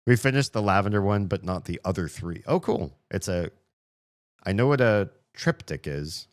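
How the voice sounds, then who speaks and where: A man in his thirties chatting casually on a live stream, rambling and self-mocking, laughing often. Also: extremely low pitch.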